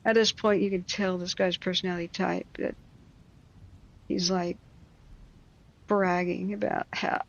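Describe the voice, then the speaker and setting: A woman reading a classic story aloud, breaking off for wry, mocking asides and quick explanations of old words. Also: on the low side, little pitch movement, gravelly, lo-fi sound. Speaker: reader.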